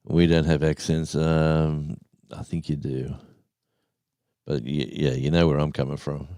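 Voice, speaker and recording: A man hosts a casual live stream, wandering through a long everyday story and stopping to greet people in the chat. His voice is extremely low and dark. The sound is dry and close, with no room echo. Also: level tone, a little slow. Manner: rambling storyteller, reads chat names aloud, says mate.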